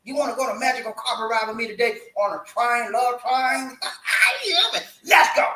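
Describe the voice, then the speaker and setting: A man's voice: very high-pitched, fairly quick, bright, forceful tone, echoey room, rough recording. A man hosting a casual live stream, playful and talkative, hyping his viewers with slangy call-and-response chants. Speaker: livestream host. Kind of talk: casual livestream chat.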